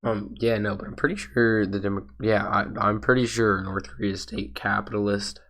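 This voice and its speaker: A man's voice: lowish voice, little pitch movement, moderate pace, a bit bright. A man who is sick and losing his voice, streaming and reacting to a video with rambling, hesitant casual commentary. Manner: rambling, hesitant, full of restarts.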